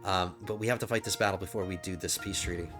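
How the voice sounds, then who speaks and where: A man's voice: sits low, steady tone, fast talker, over music. A man whose voice is strained, casually talking through his moves as he plays a strategy game. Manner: thinking out loud while playing. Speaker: gaming channel host. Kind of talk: casual let's play commentary.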